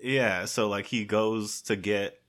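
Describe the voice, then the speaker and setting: Male podcast guest, casual chat, relaxed, adds plot details. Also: on the low side, slow. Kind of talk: casual movie-review chat.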